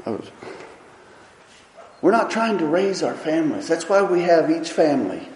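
A man preaching a sermon with impassioned, emphatic delivery, swinging between loud and soft. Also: on the high side, big pitch swings, normal speed, slight background noise. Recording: echoey hall.

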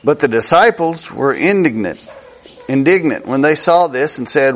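A man preaching a sermon slowly and emphatically, repeating key words for effect. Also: on the high side, animated.

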